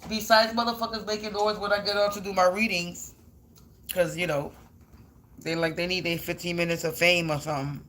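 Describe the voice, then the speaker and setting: A woman's voice: fairly low pitch, level tone, a little fast, a bit bright, slight background noise. A woman tarot reader chatting to her viewers in a blunt, slangy, rambling way, swearing freely. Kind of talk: casual rambling chat to viewers.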